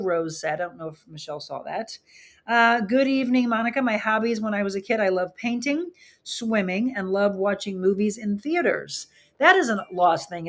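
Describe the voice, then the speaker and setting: A chatty woman hosts a live show, reading viewer comments aloud in a mid-range voice. She asks her audience questions as she goes. Her talk is loose and friendly, with easy back-and-forth. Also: medium pitch. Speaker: host. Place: studio with flowers behind her.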